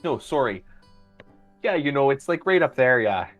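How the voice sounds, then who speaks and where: A man's voice: medium pitch, very animated, moderate pace, fairly bright tone, soft background music. A man narrating as game master of a tabletop game, loose and chatty, with many ums.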